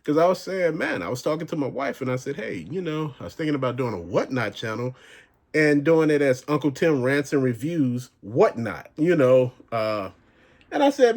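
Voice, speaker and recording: A man's voice: fairly high pitch, sing-song, moderate pace, darkish tone. A man hosting his own collecting channel, telling profane stories in a casual, slangy rant. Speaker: channel host.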